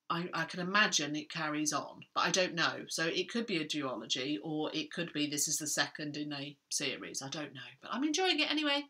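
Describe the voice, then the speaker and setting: Woman, middle-aged, book vlogger. Chatty and rambling, slightly low voice with a very bright tone. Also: expressive, brisk, hardly any pauses. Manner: rambling, self-interrupting, chatty.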